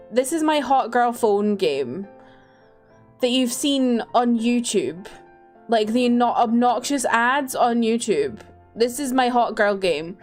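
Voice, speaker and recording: A tired young woman streamer chatting casually and rambling, often breaking into laughs. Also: fairly high pitch.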